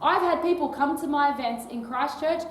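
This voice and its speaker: A woman's voice: high voice, normal speed, slight background noise. A woman giving a casual talk to a live audience, chatty and often checking in with "right?". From Australia. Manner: chatty, peppers sentences with tag questions like "right?". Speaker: touring public speaker. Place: old library hall, indoors. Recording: echoey hall, voice from far off.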